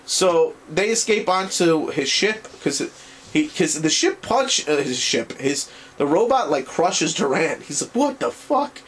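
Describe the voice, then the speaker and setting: A man recapping an anime series in a casual video review, rambling and excitable and swearing freely. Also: fairly high pitch, unhurried, a little hiss or hum.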